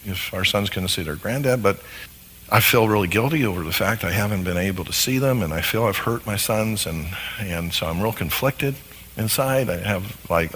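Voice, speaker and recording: A man playing a worried husband who speaks haltingly, with restarts, as he airs his conflicted feelings. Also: fairly low pitch, a bit bright, a little hiss or hum. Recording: long hall reverb.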